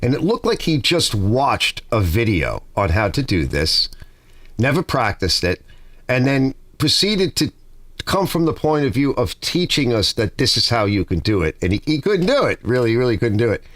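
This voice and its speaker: A man's voice: medium pitch, very animated, normal speed, fairly bright tone, dry recording. A middle-aged man hosting a garage livestream, chatting casually, reading viewer comments and rambling through stories. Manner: rambling, talkative storyteller.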